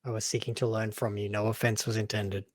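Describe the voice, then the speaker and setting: A man's voice: fairly low pitch, little pitch movement, fast talker, no room sound. A man playing in a tabletop game, chatty and often laughing, polite when in character, on a dry close mic. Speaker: player.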